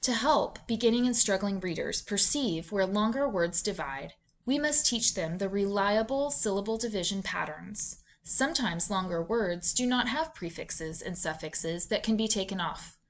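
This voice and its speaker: A woman giving scripted instructional narration for a reading lesson, in a clear, measured, deliberate teaching delivery. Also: medium pitch, lively intonation, slight background noise. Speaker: literacy instructor.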